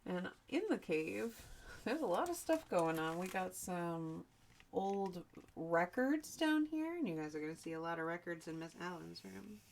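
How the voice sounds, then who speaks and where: Reading a picture book to young children, a woman teacher goes at an unhurried pace, her pitch rising and falling in a lively, expressive way. She often stops for chatty asides and word explanations. Her voice is gravelly, with a little hiss or hum in the recording.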